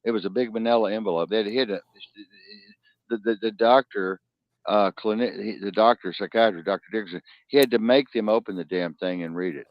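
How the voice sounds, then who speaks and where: A man's voice: fairly low pitch, brisk, no echo. Rambling, crude storytelling man. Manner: rambling, animated, crude jokester with many restarts. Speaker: podcast host. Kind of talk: casual storytelling chat. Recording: dull lo-fi sound.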